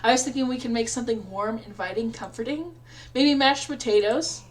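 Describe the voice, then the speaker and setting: Giggly high-voiced young woman streamer. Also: fairly quick. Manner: giggly, rambling, self-mocking. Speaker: let's play streamer. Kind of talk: reading a visual novel aloud with chat.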